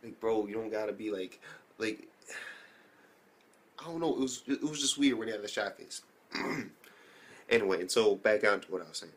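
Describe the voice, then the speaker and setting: A man's voice: on the low side, expressive, moderate pace, pauses often, husky. A young man casually recapping an anime episode, rambling with slang, swearing and many fillers. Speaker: anime reviewer.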